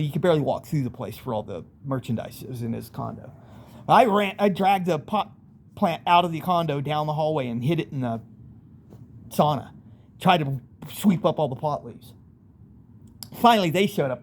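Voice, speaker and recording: A man's voice: on the high side, darkish tone, a little hiss or hum. Rambling man telling a wild story. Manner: rambling, vivid, acts out voices in bursts. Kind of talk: casual first-person storytelling.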